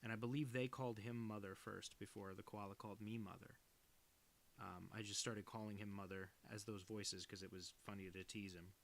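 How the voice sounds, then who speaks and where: A man's voice: fairly low pitch, steady tone, brisk, slight background noise. Chatty man streaming while he draws. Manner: rambling, self-deprecating, chuckles often. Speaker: cartoonist streaming his work. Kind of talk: casual live-stream chat while drawing.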